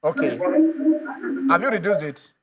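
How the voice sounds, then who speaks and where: A Nigerian man hosting a sports phone-in show, excitable and repetitive, often trailing off mid-sentence. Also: on the high side, a little slow, muffled recording, a crowd in the background. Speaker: sports talk show host. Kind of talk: animated phone-in sports talk.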